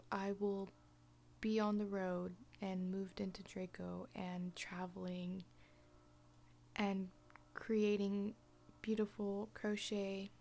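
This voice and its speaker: Soft-spoken young woman vlogging. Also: medium pitch. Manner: soft-spoken, often half-whispered, hesitant with many fillers. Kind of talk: casual personal vlog.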